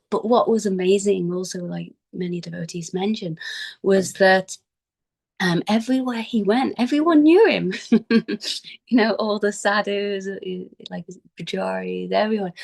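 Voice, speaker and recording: A woman remembers a teacher in an informal spoken homage, her mid-pitched voice carrying a steady gravelly fry. She talks haltingly, with plenty of fillers and restarts, and often sinks into a soft near whisper. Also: rough recording. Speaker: devotee giving a memorial homage.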